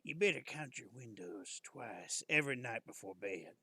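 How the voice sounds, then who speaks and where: Raspy old southern guy muttering warnings, streamer putting him on, dry close sound. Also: medium pitch, lively intonation, normal speed, bright, forceful tone, no echo, exaggerated voice. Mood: ominous warning. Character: reclusive old male neighbor, grim and secretive.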